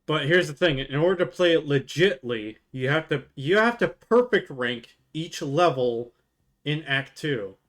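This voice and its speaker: A man's voice: fairly high pitch, lively intonation, measured pace, a bit bright. A man streaming live while drinking, chatting casually to his chat, laughing often, swearing and rambling with many restarts. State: drunk.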